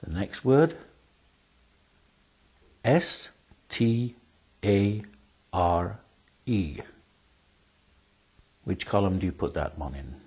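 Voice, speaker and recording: Slow, husky-voiced male teacher. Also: sits low, big pitch swings, a little mellow, rough recording. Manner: slow, careful, spells words letter by letter. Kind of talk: spelling lesson.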